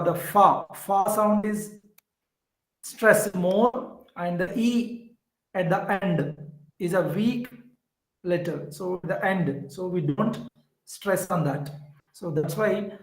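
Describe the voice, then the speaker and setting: A man with an Indian English accent lectures in a high voice, slowly and patiently going over each point and repeating key words. His voice rings in an echoey room. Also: animated. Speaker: teacher.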